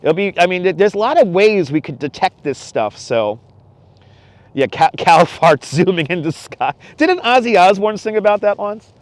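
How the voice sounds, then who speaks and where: A man's voice: high-pitched, expressive, normal speed. Chatty New man streaming outdoors. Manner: chatty, laughs often, reads chat aloud. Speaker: livestream host. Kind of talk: casual live stream chat. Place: outdoors on a cold beach sand dune at night. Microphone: wireless clip-on mic.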